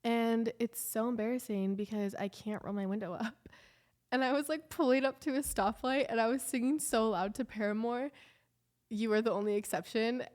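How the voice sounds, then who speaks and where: A woman's voice: fairly high pitch, fairly even intonation, normal speed, a little mellow. Young woman vlogger, casual confessional chatter, rambling and heartfelt. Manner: emotional, rambling, lots of "like" fillers.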